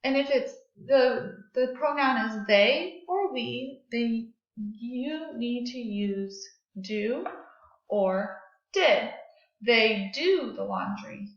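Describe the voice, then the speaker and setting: A woman teaches second graders grammar and phonics, speaking slowly and clearly, in a fairly high voice. She leads the children through drills, asking them to repeat words and clap them out. The lesson is recorded in an echoey room, with a dull, lo-fi sound. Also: lively intonation. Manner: slow, clear, encouraging teacher talk with call-and-response drills.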